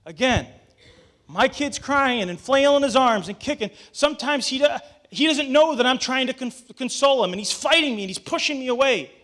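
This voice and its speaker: A man's voice: very high voice, animated, normal speed, a bit bright. A young adult man, a pastor, preaching a sermon, telling a story and rising to urgent calls to get up.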